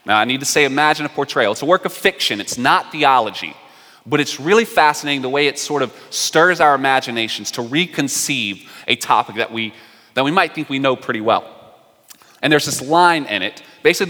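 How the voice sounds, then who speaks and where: A man's voice: medium pitch, pushed and bright, in a large hall. A man preaching a sermon as pastor, conversational and explanatory, with casual asides.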